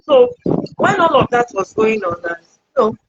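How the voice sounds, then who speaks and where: A woman sharing a personal story in conversation, candid and halting, often correcting herself. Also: fairly high pitch, wildly swooping pitch, breathy edge, lo-fi sound. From Nigeria. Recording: noisy recording.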